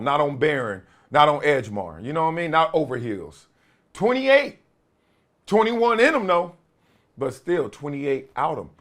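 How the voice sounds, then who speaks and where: Late 40s guy riffing on his show, swoops up and down a lot, laughs a bunch, kinda high for a guy. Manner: animated, laughing often, folksy slang. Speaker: host. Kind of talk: casual solo commentary.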